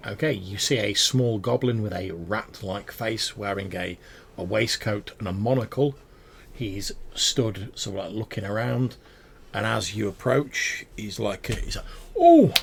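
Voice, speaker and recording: A man's voice: lowish voice, unhurried, gravelly, fairly bright tone, a little hiss or hum. A man narrating a tabletop game as game master, in a rambling, filler-heavy way.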